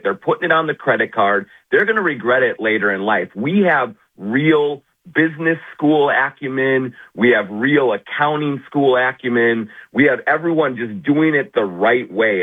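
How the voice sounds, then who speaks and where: A man's voice: mid-range voice, expressive, moderate pace, breathy edge. A man calling in to a sports radio show, bantering in a mock-humble, sarcastic way. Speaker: phone-in guest. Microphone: phone. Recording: phone line.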